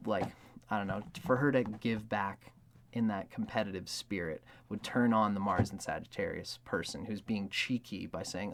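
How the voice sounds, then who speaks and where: At a moderate pace and a fairly low pitch, the host of an astrology video explains things in a loose, rambling monologue with slight background noise behind him. Filler words come often, and he acts out the lines he quotes.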